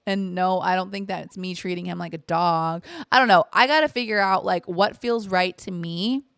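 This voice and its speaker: Rambling young woman, gravelly and dry. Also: lowish voice, moderate pace, a bit bright, no echo. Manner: rambling and candid, fillers and swearing. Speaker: podcast host. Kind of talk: casual chat, storytime.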